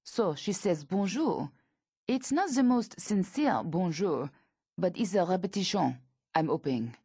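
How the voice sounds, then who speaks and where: A woman voicing a strict mother who insists on manners, with a slow, measured delivery. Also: lowish voice, lively intonation, warm tone, slightly rough, dry recording, heavily acted. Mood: firm. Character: strict French mother, firm about manners.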